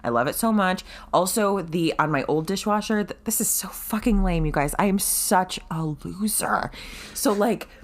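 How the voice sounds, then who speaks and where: A woman's voice: lowish voice, moderate pace. A woman in her thirties co-hosting a book podcast, telling stories in casual chat with frequent swearing and laughter. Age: 30s. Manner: animated, swearing, laughing storyteller. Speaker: podcast co-host.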